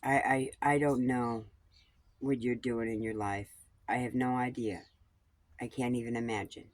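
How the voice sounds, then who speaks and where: A woman's voice: very deep voice, steady tone, measured pace, no echo. A woman vlogger talking in a rambling personal monologue about coping, blunt and digressive, swearing freely.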